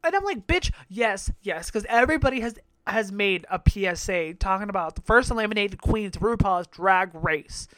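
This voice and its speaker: A man's voice: high-pitched, expressive, moderate pace, few pauses, a bit bright, clean tone, no echo. A man hosting a podcast, recapping a reality show in a brash, profane, gossipy way with frequent laughter. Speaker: podcast host.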